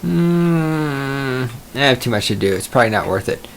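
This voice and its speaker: A man's voice: lowish voice, very fast, a bit bright, slight background noise. Rambling, profane male podcast host. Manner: rambling, profane, self-mocking. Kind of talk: solo podcast monologue.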